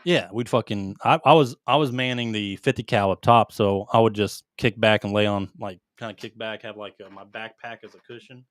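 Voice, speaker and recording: A man's voice: on the low side, a little fast, few pauses, clear, resonant tone, dry recording, studio quality. A man in his thirties, a podcast co-host and former Marine, telling rambling, profane war stories in casual chat.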